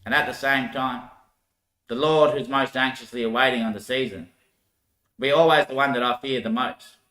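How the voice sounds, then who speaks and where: A man rambling through a loose, laughing monologue with casual swearing. His voice is bright and carries a roomy echo. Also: medium pitch, normal speed.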